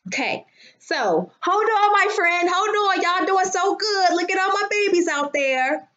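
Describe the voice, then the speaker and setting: A woman's voice: very high-pitched, unhurried, a bit bright, highs cut off. A woman hosting a casual live stream, brash and profane, greeting her viewers by name. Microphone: phone.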